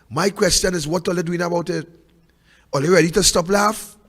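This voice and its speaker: A Trinidadian-accented man hosts a political talk show, preaching fiery commentary full of repeated rhetorical questions as he swings between loud and hushed. His voice is high-pitched and fairly quick, and a long reverb tail trails each phrase.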